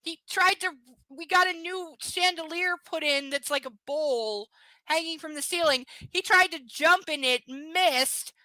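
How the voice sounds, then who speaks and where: A woman's voice: very high voice, measured pace, sharp tone, no room sound, low-quality recording. A woman chatting casually on a live stream, rambling and playful, sometimes slipping into baby talk with her pets. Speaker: streamer reading aloud.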